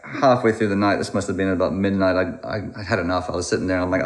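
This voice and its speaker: A man's voice: low voice, fast, echoey room. A man in his thirties telling a story with lots of restarts, a guest in casual conversation. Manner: animated, rambling with restarts.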